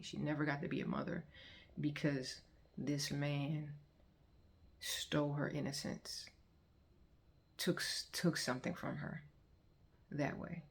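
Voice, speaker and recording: A woman telling her life testimony straight to her viewers, earnest and heartfelt. Her voice has a gravelly, creaky edge, and she slips into the voices of the people in her story as she retells it. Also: low-pitched. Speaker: vlogger sharing her testimony. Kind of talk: personal testimony, conversational storytelling.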